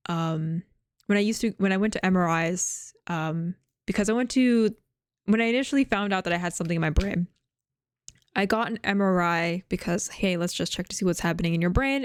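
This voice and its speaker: A woman's voice: lowish voice, smooth, dry recording, clean studio sound. A young adult woman VTuber chatting casually to her viewers, rambling with many fillers and restarts while chewing gum. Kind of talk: casual chat to camera.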